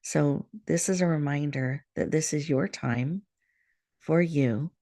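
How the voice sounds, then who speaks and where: A woman hosting a show, leading listeners through a guided breathing meditation in a soft, soothing way over a video call. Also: low-pitched, no room sound, studio quality. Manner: soft, slow, soothing guidance. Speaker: host.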